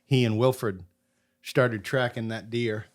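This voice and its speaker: A man's voice: mid-range voice, slow pace. Middle-aged man spinning a hunting yarn. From Maine. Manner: animated storyteller who acts out quotes. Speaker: podcast guest. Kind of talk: casual hunting storytelling.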